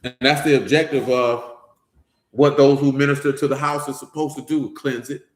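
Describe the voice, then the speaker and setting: A man with a mid-range, steady voice gives an informal Bible teaching at a moderate pace, talking straight to his listeners in a conversational, slangy way. The recording has a roomy echo.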